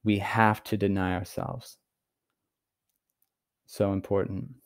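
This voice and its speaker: Male preacher, lower voice, emphatic and sincere teaching delivery. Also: flat delivery. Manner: earnest, emphatic, stresses key words with pauses. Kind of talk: recorded Bible teaching.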